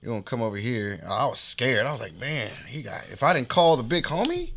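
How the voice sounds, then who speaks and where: A man of medium pitch hosts a podcast, speaking briskly over a little hiss or hum. He narrates a street story in lively slang, performing the voices of the people involved.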